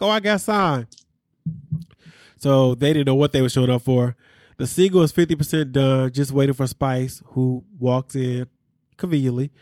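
A man hosts a podcast in a mid-range, slightly mellow voice, recorded with studio quality and no echo. He recaps reality TV candidly and with plenty of slang, tossing asides to his listeners in casual chat.

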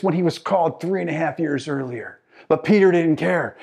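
A male pastor delivers an impassioned sermon in a voice that sits fairly high for a man. He swings from hushed, drawn-out lines to loud, soaring peaks. He calls out to the congregation as he goes. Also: expressive, gravelly, breathy edge.

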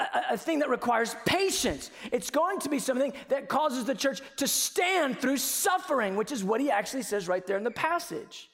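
A man preaching a sermon with passion, moving from quiet, conversational stretches to sudden shouted emphasis. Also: very high-pitched, creaky. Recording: long reverb of a large hall.

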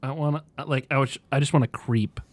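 A man's voice: mid-range voice, steady tone, a little hiss or hum. A man playing a tabletop game, talking casually and joking nervously. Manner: nervous joking, quick to laugh. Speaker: player. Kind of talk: casual chat at a gaming table.

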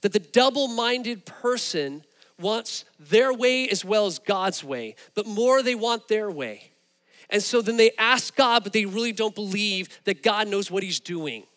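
A man preaching a sermon, telling stories with animated, rising emphasis. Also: sits high, unhurried, big-room sound. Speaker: pastor.

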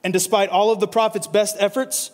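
A man preaching a casual, animated sermon, reading scripture and often asking "right?" to his listeners. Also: high voice, a little fast. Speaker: pastor. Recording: long reverb of a large hall.

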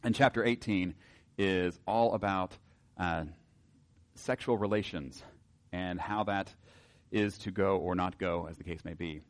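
A man with a somewhat low voice teaches from the Bible to a gathered group. He talks loosely and wryly, with frequent fillers, and slips into reading verses aloud. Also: unhurried, long pauses. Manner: casual, wry, many filler words, reads scripture aloud.

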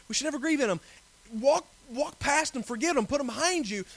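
High-voiced preacher. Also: male voice. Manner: earnest preaching, rising to forceful emphasis. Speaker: pastor. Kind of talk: sermon.

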